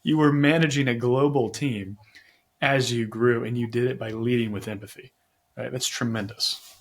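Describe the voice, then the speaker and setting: A man's voice: mid-range voice, fairly even intonation, moderate pace. A man from Tennessee hosting an interview podcast, enthusiastic and affirming, telling stories in a casual way. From Tennessee, USA. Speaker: podcast host.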